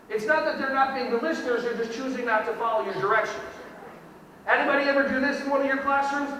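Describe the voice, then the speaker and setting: A man giving a lively educational keynote to an audience, with a playful, animated delivery that acts out kids and parents. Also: very high voice, fast, a little hiss or hum. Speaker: keynote speaker. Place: large hall with audience. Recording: echoey hall recorded from far off.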